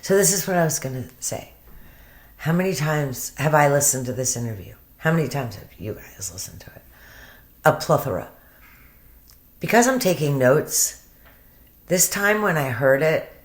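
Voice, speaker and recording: A low-voiced woman talking in a chatty, emotional way and swearing now and then. She sounds as if she is in an echoey room at home. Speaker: commentator. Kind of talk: casual commentary.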